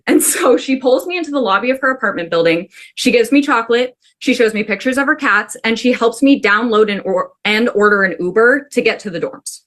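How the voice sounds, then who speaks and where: A woman from the Pacific Northwest telling a personal story to a class in an animated, chatty way, full of "like". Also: fairly high pitch, a little fast, hardly any pauses. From Pacific Northwest, USA. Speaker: student storyteller.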